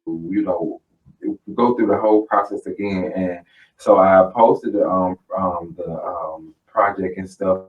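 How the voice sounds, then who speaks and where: Rambling low-voiced man, distant. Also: steady tone, a little slow. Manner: rambling, full of ums. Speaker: radio host. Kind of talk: casual chat. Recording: distant, dull lo-fi sound.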